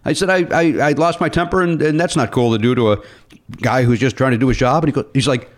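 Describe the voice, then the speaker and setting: A man's voice: mid-range voice, fast talker. A man on a podcast, casually telling a story and acting out the quoted voices of the people in it. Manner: animated, acts out quoted voices in anecdotes. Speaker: podcast co-host.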